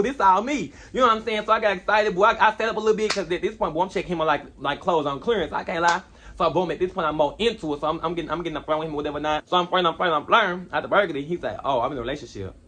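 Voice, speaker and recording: A young man telling a storytime vlog in an animated, slangy way, rambling with asides. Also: high-pitched, racing, a little hiss or hum. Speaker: vlogger.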